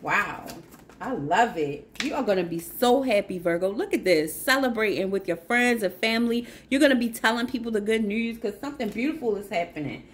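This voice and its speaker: A woman's voice: mid-range voice, expressive, fairly quick. A woman giving a casual spiritual tarot reading, effusive and encouraging, repeating phrases for emphasis. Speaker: tarot reader.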